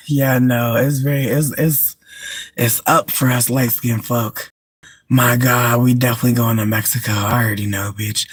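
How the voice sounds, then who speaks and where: Sitting in a car, this streamer delivers a casual, profanity-heavy rant that swings from quiet muttering to shrieks of laughter. The husky voice holds a steady tone at a moderate pace, with no echo.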